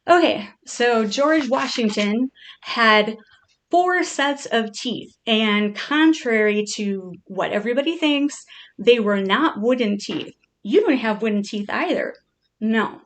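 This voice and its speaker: A woman's voice: fairly high pitch, expressive, slow pace. A woman chatting playfully to her pet, reading out odd facts in a casual, joking way.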